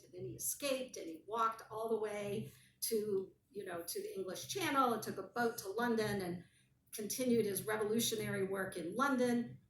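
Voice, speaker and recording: A woman guest telling a story in casual conversation, animated and wry. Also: mid-range voice, slight background noise. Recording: roomy, distant mic, faint ambience.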